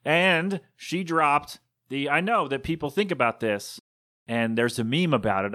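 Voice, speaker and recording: A man's voice: on the high side, animated, a little slow, pushed and bright. A man hosting his own podcast, telling a story in a casual, rambling, digressive monologue. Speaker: podcast host.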